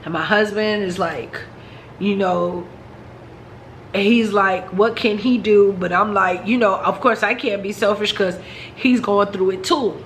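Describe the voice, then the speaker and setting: A woman's voice: medium pitch, fairly even intonation, unhurried, fairly bright tone, a little hiss or hum, low-quality recording. A woman vlogger telling a personal story in a frank, chatty way, talking straight to her viewers.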